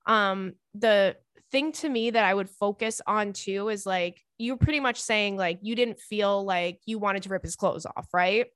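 A woman in her thirties hosting a podcast, chatting casually and reading a listener letter aloud in a lively, excitable way with casual swearing. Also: medium pitch, a little slow, few pauses, clean tone, dry recording, clean studio sound. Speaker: podcast host.

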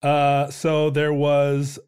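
A man's voice: on the high side, monotone, extremely slow, darkish tone, clean tone. A man who is a rock musician, chatting casually and laughing easily, with loose fillers as he recalls things. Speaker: musician and co-host. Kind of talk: casual comedic chat.

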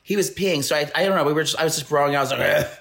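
A man's voice: a little high, racing, vocal fry. Male co-host, casual storyteller, loose and rambling, lots of restarts. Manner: rambling, animated anecdote with frequent restarts. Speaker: podcast co-host.

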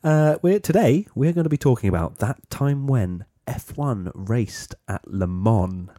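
A man's voice: mid-range voice, animated, a little slow, warm tone, dry recording, studio quality. A man hosting a casual podcast in a small room, jokey and teasing, with restarts. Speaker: podcast host.

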